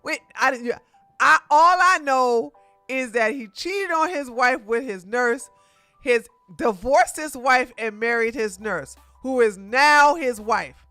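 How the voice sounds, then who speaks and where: A woman streamer talks through a show review in a loose, casual way. Her voice is bright and forward, and the sound is close and dry. She is animated, breaks into laughs often and keeps restarting her sentences. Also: high voice, slow pace, no room sound, soft background music. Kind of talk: casual livestream commentary.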